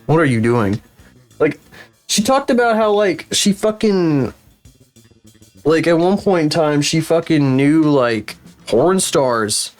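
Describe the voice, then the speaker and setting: A man's voice: a little high, slow pace, faint music behind. Profane rambling male streamer, flu-sick. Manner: profane, rambling, incredulous rants. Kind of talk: casual livestream chat.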